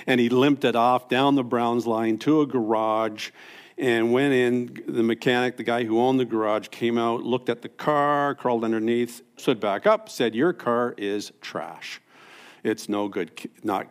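Guy preaching, gravelly voice, gets loud and high then drops way down quiet. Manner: animated, swings from loud and high to hushed and low. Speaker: pastor. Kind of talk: sermon storytelling.

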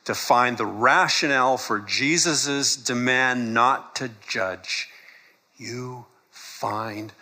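A man's voice: medium pitch, takes it slowly, sharp tone. A man preaching a sermon in a conversational way, laughing often and acting out quoted lines. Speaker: pastor.

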